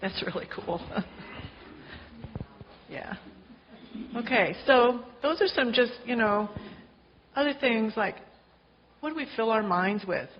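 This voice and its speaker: A woman's voice: a little high, expressive, slow, pauses often. A woman leading an informal church group discussion, chatty and encouraging, asking the group to chime in. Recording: dull lo-fi sound with faint noise.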